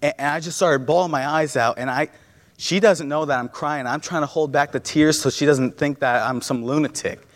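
A man's voice: fairly high pitch, moderate pace. A young man preaching a sermon in a church, earnest, often restarting and repeating words as he tells a personal story. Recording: long reverb of a church hall.

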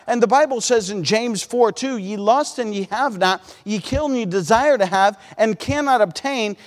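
Man, middle-aged, preaching, folksy, stammering restarts, high-pitched, hall reverb. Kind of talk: sermon.

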